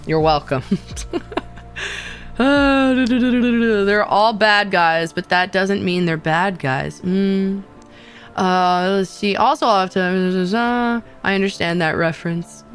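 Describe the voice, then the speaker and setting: A woman's voice: on the low side, a bit bright. Playful chatty woman streamer. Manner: playful, chatty, laughs often, trails off and repeats herself. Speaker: VTuber streamer. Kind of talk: casual live-stream chat with viewers.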